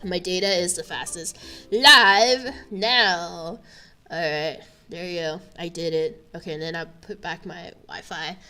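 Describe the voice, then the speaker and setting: A young woman from Canada chatting casually on a livestream, giggly and full of fillers, often bursting into high laughter, in a room with a buzzing air conditioner. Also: measured pace, bright, forceful tone, soft background music. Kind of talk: casual stream chat.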